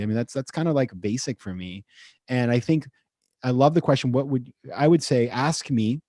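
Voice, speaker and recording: Chatty man investor, dry close sound. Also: no room sound. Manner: animated, acts out quotes with rising pitch. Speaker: investor and guest. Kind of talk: casual webinar interview.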